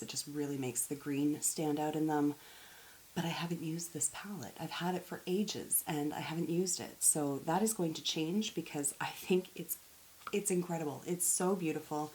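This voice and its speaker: A chatty woman talks through her makeup collection in a low, easy voice. She trips over words and pokes fun at herself as she goes. A faint hiss sits under the recording. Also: darkish tone, rough recording. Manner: chatty, self-deprecating, stumbles over words and laughs at herself. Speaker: beauty YouTuber. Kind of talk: casual chat to camera.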